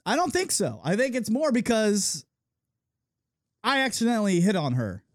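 A man DJ on a podcast, telling a story in casual, animated chat full of "like"s. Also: sits high, normal speed, no room sound, studio quality. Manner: animated, filler-heavy with many "like"s, acts out the people in his story. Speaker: DJ and podcast co-host.

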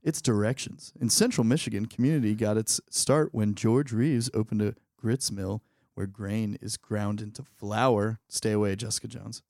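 A man co-hosting a talk show, joking along with short wry comments and telling quick stories. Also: fairly low pitch, fairly even intonation, darkish tone, dry recording, clean studio sound. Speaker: co-host. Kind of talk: casual chat.

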